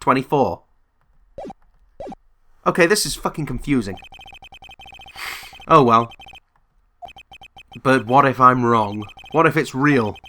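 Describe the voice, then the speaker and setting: A man's voice: medium pitch, lively intonation, bright, forceful tone, a little hiss or hum. A man giving sarcastic, sweary commentary while playing a video game. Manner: mocking and sweary, with drawn-out asides. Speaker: video game let's player.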